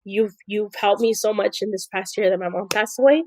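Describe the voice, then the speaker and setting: A woman's voice: medium pitch, steady tone, brisk, a little mellow, poor audio. Heartfelt woman guest, filler-heavy talk. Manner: heartfelt, many "like" and "you know" fillers. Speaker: assistant and podcast guest. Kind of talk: casual chat.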